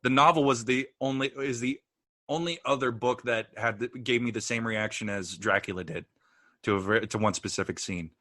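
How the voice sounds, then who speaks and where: A man co-hosting a podcast, chatting casually in halting bursts with restarts. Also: sharp tone, no room sound, clean studio sound. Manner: halting, restarts, breaks into high laughs. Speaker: podcast co-host. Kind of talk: casual chat.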